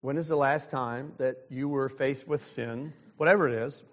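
A man's voice: medium pitch, steady tone, moderate pace, few pauses. Man in his sixties preaching in a reverberant hall. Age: 60s. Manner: earnest preaching with self-deprecating asides. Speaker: pastor. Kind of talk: sermon.

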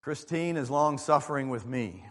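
Pastor, male, mid-pitched voice, easygoing conversational sermon, long hall echo. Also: lively intonation, normal speed, a bit bright. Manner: conversational preaching with fillers and asides to the congregation. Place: church sanctuary.

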